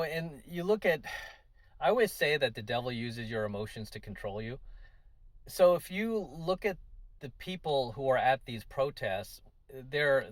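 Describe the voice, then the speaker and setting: A man's voice: mid-range voice, no room sound. A middle-aged man hosting a casual opinion commentary, rambling with many fillers and tag questions. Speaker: channel host.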